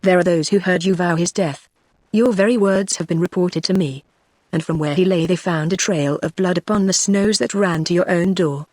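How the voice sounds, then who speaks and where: A woman's voice: lowish voice, normal speed, dry recording, lightly acted. A text-to-speech voice with a British English accent and a woman's sound, reading the lines of a grieving young noblewoman who is cold and accusing. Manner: even synthetic reading.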